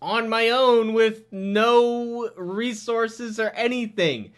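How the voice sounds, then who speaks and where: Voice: fairly even intonation, takes it slowly, clear, resonant tone, lightly acted. A reviewer putting on a mocking voice for a smug, overconfident woman survivor. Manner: sarcastic high mock voice.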